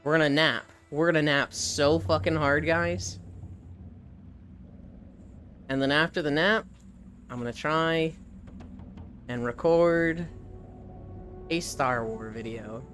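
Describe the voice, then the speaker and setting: A live streamer chatting casually while walking on a treadmill, reading chat aloud and telling stories with lively animation. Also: medium pitch, a little slow, long pauses, soft background music. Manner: reads chat aloud and riffs, animated storytelling.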